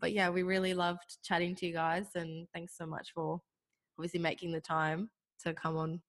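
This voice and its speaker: A woman co-hosting a podcast, croaky from feeling unwell, laughing lightly as she wraps up. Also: fairly low pitch, little pitch movement, normal speed, a bit bright. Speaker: podcast co-host. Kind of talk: casual chat.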